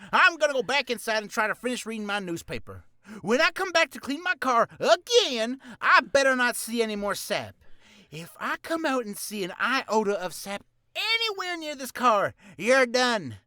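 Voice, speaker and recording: A man's voice: extremely high pitch, sing-song, moderate pace, no room sound, studio quality, voice pushed up, full character voice. A man putting on a cranky old southern grandpa. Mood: gruff threatening. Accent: put-on American Southern drawl. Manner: yelling, blustering threats.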